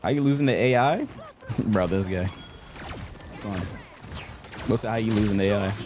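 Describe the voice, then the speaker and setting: A man's voice: on the low side, moderate pace. A young man casually chatting on a game live stream, joking and teasing a viewer, laughing often. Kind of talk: casual live-stream chat while gaming. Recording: game sounds and noise behind.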